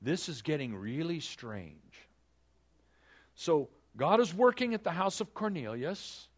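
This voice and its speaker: A male pastor delivering a lively sermon. His pitch swings widely as he explains scripture in plain, chatty terms and slips into the voices of the people in the story. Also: slow pace. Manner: animated, conversational preaching that acts out biblical dialogue.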